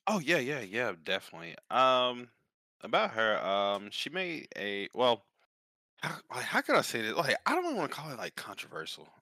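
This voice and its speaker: A man's voice: mid-range voice, huge pitch swings, normal speed, sharp tone, no room sound. A man co-hosting a casual podcast who talks hesitantly, with many fillers. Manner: hesitant, many ums and likes. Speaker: podcast co-host.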